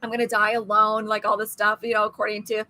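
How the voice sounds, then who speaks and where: A woman in her thirties co-hosting a casual livestream chat, talking quickly and animatedly and laughing often. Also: mid-range voice, monotone, sharp tone. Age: 30s. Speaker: co-host.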